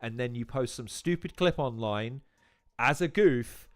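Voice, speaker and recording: A man's voice: medium pitch, unhurried, clear, resonant tone. A man hosting a live-stream watch-along, talking in profane, rambling tangents. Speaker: host.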